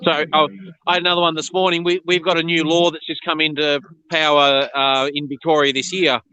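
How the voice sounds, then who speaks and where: An Australian man who relocates snakes, chatting bluntly and telling stories in an animated way. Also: fairly high pitch, a little fast, poor audio. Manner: animated, blunt, indignant storyteller. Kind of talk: casual chat on a video call.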